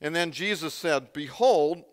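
A male pastor delivers a sermon in a fairly high, bright, forceful voice. He preaches conversationally and keeps quizzing his listeners. The sound rings with a long reverb, like a big hall. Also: animated, a little slow.

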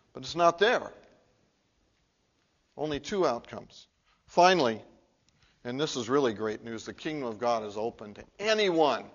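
A male pastor preaching an earnest sermon in a church, swinging from emphatic peaks to low, quiet appeals. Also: animated, measured pace, pauses often. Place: church sanctuary. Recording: muffled, lo-fi recording.

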